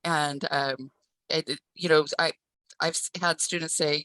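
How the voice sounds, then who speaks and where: A woman's voice: sits low, fairly even intonation, unhurried, pushed and bright, dry recording, low-quality recording. A woman and former teacher joining a discussion, speaking earnestly with restarts. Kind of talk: casual discussion.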